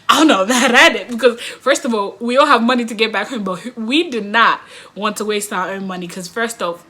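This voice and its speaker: A woman telling a story casually to camera, animated, often laughing and acting out what others said. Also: on the high side, moderate pace. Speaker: vlogger.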